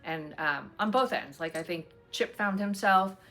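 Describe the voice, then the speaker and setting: A woman's voice: mid-range voice, measured pace, fairly bright tone, soft background music. A woman hosting a casual chat at home, talking in a rambling, chatty way with many fillers. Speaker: host.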